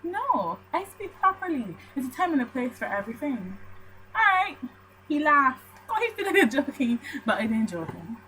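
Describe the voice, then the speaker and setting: Animated Barbadian woman ranting to camera. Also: sits high, moderate pace, a little hiss or hum, rough recording. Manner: animated storytelling, ranting with mock outrage. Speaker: vlogger. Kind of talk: casual chat to camera.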